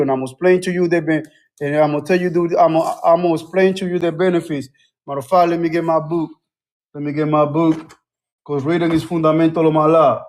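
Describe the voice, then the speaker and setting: A man with a high-pitched voice talks straight into his phone on a livestream. He repeats his points and preaches at viewers. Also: a little mellow. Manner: repetitive, preachy, calls out to viewers. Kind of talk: casual livestream talk.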